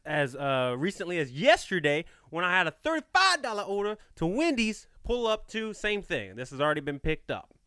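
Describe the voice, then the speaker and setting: A man hosting a podcast, telling a story in casual chat with a playful, animated delivery. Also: high-pitched, smooth, no room sound, studio quality. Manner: animated, playful, slips into quoted voices. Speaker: podcast host.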